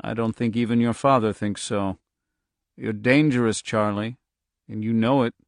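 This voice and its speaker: A man voicing a calm, soft-spoken male agent who talks quietly and unhurriedly with quiet menace. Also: lowish voice, normal speed, dry recording, studio quality, lightly acted.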